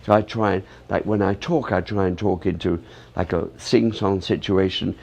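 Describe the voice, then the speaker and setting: A man's voice: deep voice, fairly even intonation, moderate pace, vocal fry, darkish tone, lo-fi sound. A man who teaches ballet, rambling through interview answers with many "you know" fillers.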